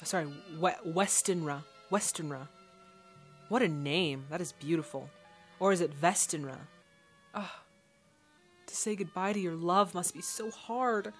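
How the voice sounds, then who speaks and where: A woman's voice: lowish voice, unhurried, a bit bright, soft background music. A woman hosting a casual movie reaction, chatting and thinking aloud as the film plays.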